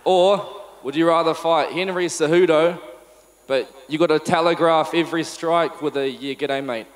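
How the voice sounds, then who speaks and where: A man asks a playful question from the audience, sounding a little high-pitched. He is heard from a distance, with a long hall echo around him. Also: fairly even intonation, moderate pace, slight background noise. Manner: playful, joking.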